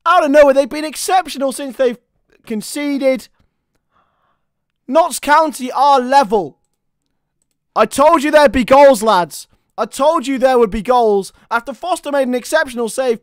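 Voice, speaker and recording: A man giving live football commentary, chatty with listeners and bursting into shouts at chances and goals. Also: very high-pitched, unhurried, dry recording, studio quality.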